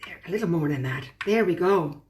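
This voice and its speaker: A woman's voice: on the low side, expressive, brisk, darkish tone. A woman hosting a live cooking demonstration. She explains patiently and talks as she works with her hands. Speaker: cooking show host. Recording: roomy, distant mic with faint ambience.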